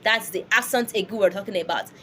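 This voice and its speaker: A woman's voice: mid-range voice, quick pace, fairly bright tone, slightly rough. A woman teaching French pronunciation, patient and drilling each word over and over for learners to repeat. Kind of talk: language lesson.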